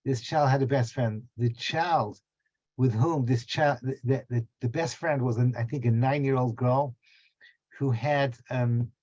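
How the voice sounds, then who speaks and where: Chatty middle-aged rabbi teaching a class. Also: male voice, mid-range voice, measured pace, a little mellow, no room sound, lo-fi sound. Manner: chatty and digressive, many fillers and asides. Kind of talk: informal class storytelling. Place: small back room at home.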